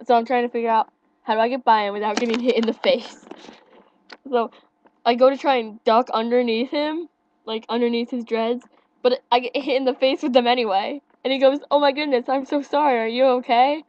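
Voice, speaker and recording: A young woman telling her part of a concert story beside a friend, a little awkward and soft-spoken. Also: a little high, steady tone, brisk, a little hiss or hum. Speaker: friend of the vlogger. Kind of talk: casual storytelling. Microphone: webcam. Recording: dry, lo-fi webcam audio.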